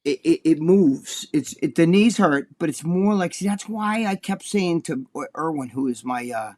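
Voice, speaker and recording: A man's voice: a little high, animated, moderate pace, darkish tone. A man co-hosting a casual chat show, telling a long, rambling story full of swearing. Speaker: co-host.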